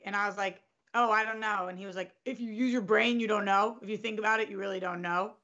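A woman's voice: mid-range voice, fairly quick, hardly any pauses, muffled recording. A woman casually telling a long dating story, acting out both sides of the conversation and swearing freely. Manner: animated, acts out quotes, swears freely. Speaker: storyteller in a group chat.

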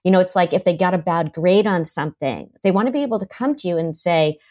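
A woman's voice: fairly low pitch, fast talker, few pauses. A woman therapist as a guest, talking through parenting examples and acting out parents' lines. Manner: animated, acts out parents' lines in quotes. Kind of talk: conversational interview.

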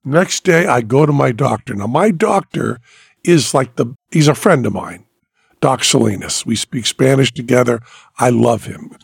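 A man's voice: mid-range voice, normal speed, creaky, slightly rough, dry recording, studio quality. A man hosting a podcast, telling a story casually and animatedly, swearing and acting out the people in it. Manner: animated, profane, acts out quoted voices. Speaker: podcast host.

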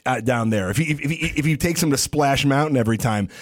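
A man co-hosting a comedy podcast, rambling through stories with jokes and quick asides. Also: mid-range voice. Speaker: podcast co-host. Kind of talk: casual comedic chat.

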